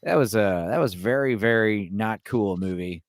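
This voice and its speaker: A man's voice: fairly low pitch, moderate pace. A man talking casually as a guest on a film chat show, rambling with plenty of "like" and "you know".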